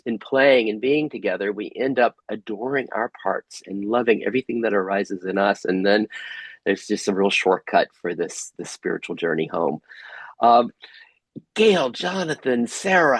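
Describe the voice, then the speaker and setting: A man facilitating an online group workshop over a video call, gently asking soft reflective questions. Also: mid-range voice, slightly rough, no echo, rough recording.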